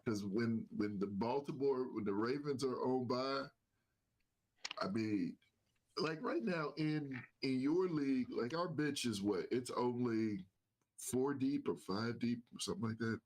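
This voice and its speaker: A man's voice: medium pitch, a little slow, a little mellow, slight background noise. A man co-hosting a casual sports talk show, talking with a nasal voice, repeating himself and using lots of fillers. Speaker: podcast co-host.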